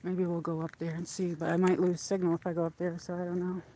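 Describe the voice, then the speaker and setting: A woman with a lowish, warm voice hosts a casual livestream while walking around a lake outdoors, talking quickly in a flat delivery. She's out of breath from heading uphill, chatting and rambling to her viewers as she goes. There's a little hiss or hum on the audio.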